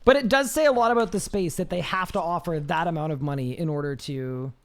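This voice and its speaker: On a live game stream, a man with a high-pitched voice talks casually at a fairly quick clip, reading the chat aloud and rambling with frequent restarts.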